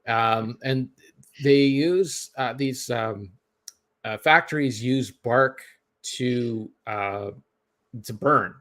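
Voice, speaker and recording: A man's voice: mid-range voice, extremely slow, a bit bright. A Canadian man with a Canadian accent, telling a long story in casual podcast chat, full of fillers and restarts. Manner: rambling, many fillers and restarts.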